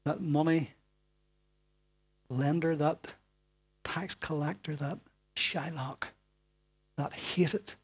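Male preacher, high-pitched and husky, dramatic delivery that drops to whispers. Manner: dramatic, swings from loud calls to hushed whispers; asks the listeners rhetorical questions. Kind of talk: sermon.

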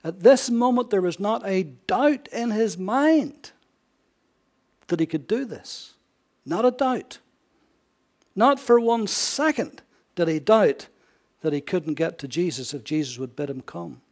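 A man preaching a sermon, swinging between raised emphasis and hushed near-whispers, often asking his listeners rhetorical questions. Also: high-pitched, expressive, measured pace. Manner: frequent rhetorical questions to the congregation.

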